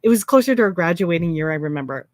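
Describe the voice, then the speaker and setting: A woman's voice: fairly low pitch, lively intonation, fast talker, a little mellow, dry recording. A woman hosting a casual live stream, chatty and effusive, talking with lots of fillers. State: tearful, emotional. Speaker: host.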